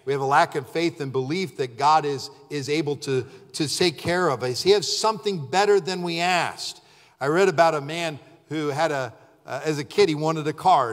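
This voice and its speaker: A male pastor preaching a sermon with fervor, shouting out acted prayers and then dropping low and quiet. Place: church sanctuary. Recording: long church reverb.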